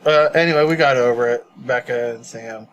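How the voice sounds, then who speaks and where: A man's voice: medium pitch, a little fast, fairly bright tone, muffled recording, a little hiss or hum. A man co-hosting a casual movie podcast, telling rambling stories with a joking tone and frequent laughs. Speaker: podcast co-host. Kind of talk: casual chat.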